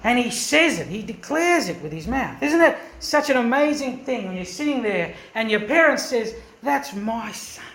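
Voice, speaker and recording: A man's voice: extremely high pitch, big pitch swings, normal speed, few pauses, fairly bright tone, echoey room. A man preaching a sermon as pastor, earnest and emphatic, often asking the congregation questions. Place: church.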